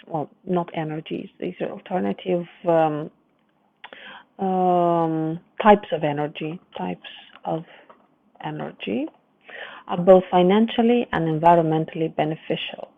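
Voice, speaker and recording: A low-voiced woman tutor reads through a student's essay, pausing to fix words and explain each change. The sound is dry and narrow, like a phone line. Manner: reads the text aloud, then stops to correct and explain. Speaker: English writing tutor. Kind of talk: essay correction lesson.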